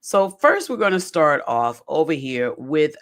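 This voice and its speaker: Lively, chatty show-recap podcast host. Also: medium pitch, measured pace. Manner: animated, chatty, repeats phrases for emphasis; addresses listeners directly as "y'all". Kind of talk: casual commentary.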